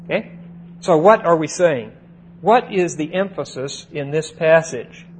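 A man walks his listeners through scripture verse by verse at an unhurried, measured pace. His voice sits a touch high for a man, and he leans on key words and keeps asking "see?" and "okay?" as he goes. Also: expressive, a little hiss or hum, low-quality recording. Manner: deliberate, checks in with "see?" and "okay?"; stresses single words by slowing and rising. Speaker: Bible teacher. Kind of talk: verse-by-verse Bible teaching.

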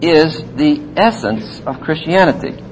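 A man teaching the Bible verse by verse in a deliberate, emphatic way. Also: a little high, expressive, a little hiss or hum. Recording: long hall reverb.

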